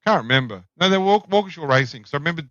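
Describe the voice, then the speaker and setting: A man's voice: fairly high pitch, expressive, very fast, fairly bright tone, no room sound. A middle-aged Australian man, a podcast guest, telling blunt, profane anecdotes in casual chat. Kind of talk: casual storytelling. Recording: dull, dry lo-fi sound.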